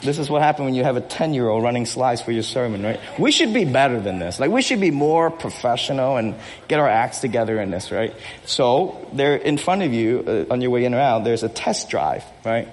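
A man preaching a sermon from the pulpit, animated and joking with his congregation. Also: mid-range voice, brisk, in a large hall, slight background noise. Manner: animated, energetic, acts out movie speeches with rising intensity; jokes with the congregation and repeats himself. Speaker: pastor. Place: church hall.

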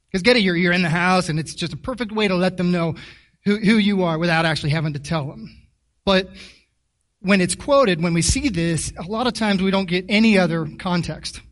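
This preacher's voice sits high, and the recording is distant. He delivers his sermon conversationally, stumbling through lots of repeated words and regularly questioning his listeners.

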